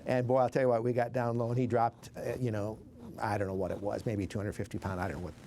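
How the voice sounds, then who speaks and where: Older montana guy, gravelly low voice, halting storytelling, faint room hum behind. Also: a little mellow. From Montana, USA. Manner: halting, many restarts and fillers, plain-spoken. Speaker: veteran recounting war memories. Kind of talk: oral history interview.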